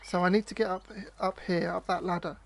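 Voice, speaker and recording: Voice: medium pitch, little pitch movement, a little fast, gravelly. Sleepy streamer rambling hesitantly. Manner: hesitant and rambling, often restarting. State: sleepy, yawning. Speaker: streamer playing a puzzle game. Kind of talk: casual let's-play commentary.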